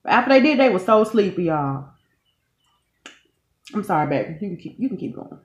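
A woman in her thirties chats to her viewers as she hosts a relaxed eating video, folksy and easygoing. Her voice rings around an echoey room. The sound is a little dull and lo-fi. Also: mid-range voice, a little fast. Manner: chatty, folksy, keeps calling viewers "y'all". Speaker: channel host, mother. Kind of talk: casual mukbang chat to viewers.

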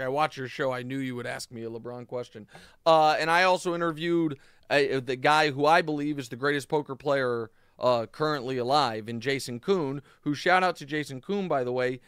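Smooth-voiced, animated male podcast host. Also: medium pitch, dry recording, studio quality. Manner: animated, talkative storytelling with frequent fillers. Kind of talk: casual sports podcast monologue.

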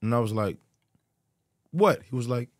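A man chatting as a podcast guest, telling animated stories full of restarts and repeated phrases. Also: medium pitch, normal speed, dry recording, clean studio sound. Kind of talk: casual podcast chat.

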